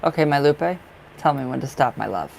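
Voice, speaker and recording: A man giving tarot readings on a live stream in a casual, effusive way, chatting warmly to viewers by name and laughing often. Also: medium pitch, expressive, brisk, gravelly, slight background noise, poor audio. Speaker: tarot reader.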